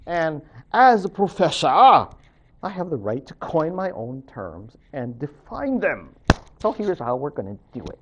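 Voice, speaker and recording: A man lectures to his students in a chatty, joking way, slipping asides between his points. His voice sits a bit high and moves around animatedly. The recording sounds dull and lo-fi. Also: big pitch swings, measured pace, slight background noise. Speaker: professor.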